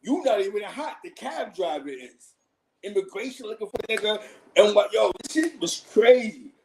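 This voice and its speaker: A slangy man telling stories on a livestream, often breaking into laughter. His voice sits a little high for a man. He talks casually and animatedly, like a host riffing to his viewers. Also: very animated, normal speed, a little hiss or hum, poor audio. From Harlem, New York. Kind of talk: casual street storytelling.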